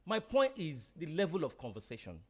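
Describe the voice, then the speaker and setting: Nigerian male co-host, animated swooping voice, insistent, repeats his point. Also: on the high side, a little fast, slightly rough. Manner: insistent, repeats himself emphatically. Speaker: podcast co-host. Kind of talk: heated casual chat.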